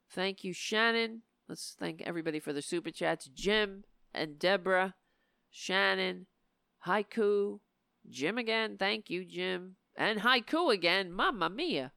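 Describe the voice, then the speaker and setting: A woman hosting a live political talk stream, speaking in impassioned, emphatic bursts and sounding a little hoarse. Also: mid-range voice, a little slow, pushed and bright, no echo, clean studio sound. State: losing her voice. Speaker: political talk show host.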